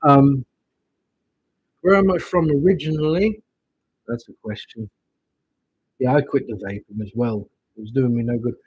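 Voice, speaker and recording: A man's voice: medium pitch, moderate pace, pauses often, breathy edge, muffled recording. An English man giving tarot readings on a livestream, musing and rambling with chatty asides. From England. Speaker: tarot reader.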